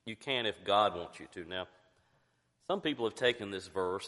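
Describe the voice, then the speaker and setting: Middle-aged male pastor, low animated delivery, emphatic rhetorical questions, coughing, church hall reverb. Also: moderate pace. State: coughing, fighting to get words out. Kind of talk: sermon.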